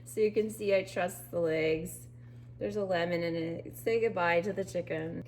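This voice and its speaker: In a casual video diary filmed in her kitchen, a worn-out woman recovering from surgery rambles emotionally and laughs through her sadness. Her lowish, slightly mellow voice moves at a normal speed, with a bit of hiss or hum on the recording.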